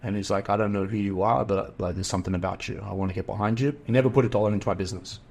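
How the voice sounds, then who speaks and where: Appearing as a guest on a podcast, a middle-aged Australian man spins a long, casual story at a very fast clip. His fairly low voice is gravelly and husky, and he animatedly slips into character for each person he quotes.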